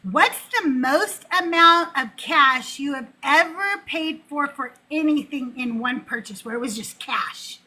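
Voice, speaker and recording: A woman's voice: high-pitched, a little slow, hardly any pauses, pushed and bright, rough recording. A woman hosting a call-in talk show, chatting casually and bluntly, laughing often. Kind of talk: casual chat.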